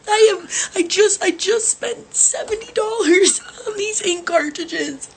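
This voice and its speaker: Very high-voiced woman ranting through tears. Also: unhurried, few pauses, a little hiss or hum. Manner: angry, profane ranting. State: crying. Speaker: mother. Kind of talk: ranting phone video.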